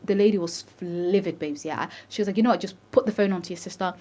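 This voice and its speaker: A woman's voice: mid-range voice, fast talker, crowd noise. A young woman co-hosting a podcast, telling a story in a slangy, chatty way and acting out the other people's voices as she goes. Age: young adult. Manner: animated storyteller, acts out quoted voices; calls listeners babe, slangy. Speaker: podcast co-host. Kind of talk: casual storytelling chat.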